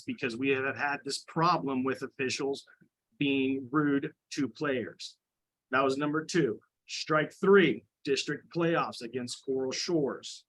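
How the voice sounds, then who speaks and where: Male coach, mid-pitch, indignant public commenter who rambles with restarts. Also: steady tone, unhurried, a bit bright, low-quality recording. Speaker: high school girls lacrosse coach. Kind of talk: public comment at a committee meeting.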